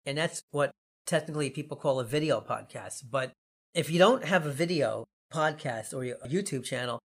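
Speaking at normal speed in an expressive, medium-pitched voice, this podcast host has a Long Island, New York accent. His casual show is rambling and jokey, punctuated by frequent laughter.

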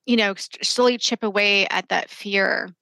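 A woman's voice: medium pitch, fairly even intonation, moderate pace, gravelly, pushed and bright, no echo. A woman hosting a casual interview, thoughtful and searching as she talks. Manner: thoughtful, searching, many fillers.

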